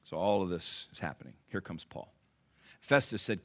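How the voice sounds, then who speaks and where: A man preaching a sermon, retelling scripture dramatically, swinging from hushed lines to loud, animated asides. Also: fairly low pitch, normal speed. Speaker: pastor.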